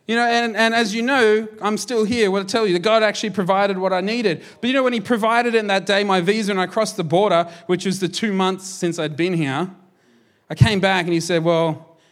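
High-voiced man preaching a lively sermon. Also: brisk. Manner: energetic, jokey, conversational preaching. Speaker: pastor.

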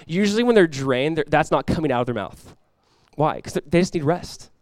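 A man's voice: on the high side, expressive, a little fast, no echo. A man preaching a sermon as pastor, talking casually with the congregation and rising into emphatic bursts.

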